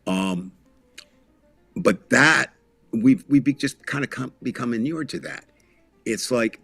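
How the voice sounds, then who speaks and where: Male co-host, gravelly husky low voice, measured and reflective, dry close sound. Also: lively intonation, a bit bright, no room sound, soft background music. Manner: measured, storytelling, thoughtful. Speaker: podcast co-host. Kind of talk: political talk.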